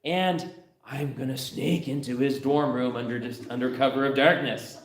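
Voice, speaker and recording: A man voicing a giddy, excited teenage daughter in a breathless, animated rush. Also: medium pitch, moderate pace, close to an everyday voice. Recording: roomy church hall.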